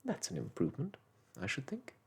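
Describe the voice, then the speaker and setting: A man reading a storybook aloud and voicing a prim, brisk magical nanny, speaking in a crisp, matter-of-fact way. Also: mid-range voice, wildly swooping pitch, darkish tone, pitched above the performer's own voice, heavily acted.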